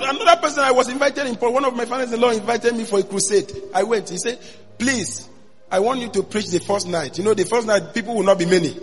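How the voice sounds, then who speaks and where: A man, a pastor telling his story in a sermon, dropping to a hush and then bursting into shouts. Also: high-pitched. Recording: long hall reverb with faint music.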